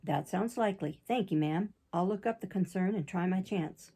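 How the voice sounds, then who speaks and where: A woman reading an audiobook, voicing a plain-spoken middle-aged father and former circus rider, with a gravelly, husky voice. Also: medium pitch, moderate pace, warm tone. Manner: plain folksy country speech.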